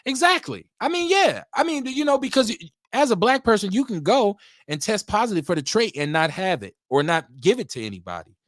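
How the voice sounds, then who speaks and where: A middle-aged man talks at length on his own podcast, drifting loosely from one subject to the next. His voice sits at an average pitch but jumps up often as he gets going. The sound is dry and close, with no room around it. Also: a little fast, no echo. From Milwaukee, USA. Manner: rambling, talkative, lively swings in pitch. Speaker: podcast host. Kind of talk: casual solo talk show.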